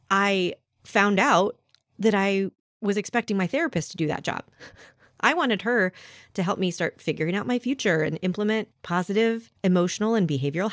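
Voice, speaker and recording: A woman in her thirties hosting a solo podcast, talking to the listener in an animated, conversational way. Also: medium pitch, dry recording, clean studio sound. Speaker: podcast host.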